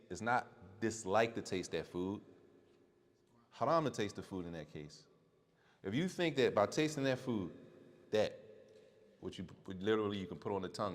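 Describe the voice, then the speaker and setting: Low-pitched male teacher giving a relaxed class, stressing points twice, recorded in an echoing hall. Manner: repeats points for emphasis and quizzes the audience. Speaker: religious teacher. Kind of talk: casual classroom lesson. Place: mosque or community center hall. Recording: long hall reverb.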